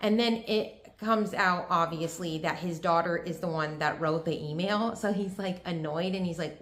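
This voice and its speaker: A woman's voice: on the low side, normal speed, hardly any pauses, a bit bright. A young woman chatting casually about books she read, gushing and peppering her talk with fillers. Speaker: book vlogger. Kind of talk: casual book review chat. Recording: echoey room.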